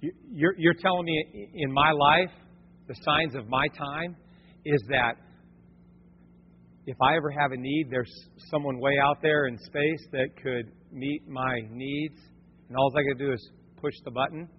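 A man's voice: fairly high pitch, fairly even intonation, unhurried, slight background noise. A man preaching a sermon in a folksy storytelling way, talking to his congregation as folks. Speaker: pastor. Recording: dull, echoey church hall recording.

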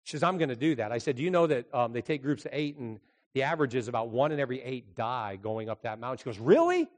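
A man preaching a sermon, telling a family story and swinging between loud, urgent passages and hushed, slow ones. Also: mid-range voice, very animated. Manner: swings from shouting to hushed, dramatic pauses. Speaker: pastor. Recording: long hall reverb.

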